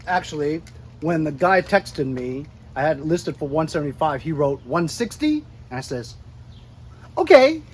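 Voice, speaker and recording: A man's voice: on the high side, expressive, moderate pace, slight background noise, poor audio. A man vlogging in a casual, rambling way, laughing easily as he talks through his day outdoors. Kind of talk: casual chat.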